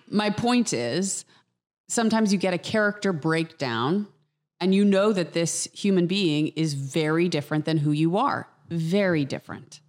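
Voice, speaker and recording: Low-voiced woman acting coach. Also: a little mellow, big-room sound. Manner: measured, earnest explaining. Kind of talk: casual podcast chat.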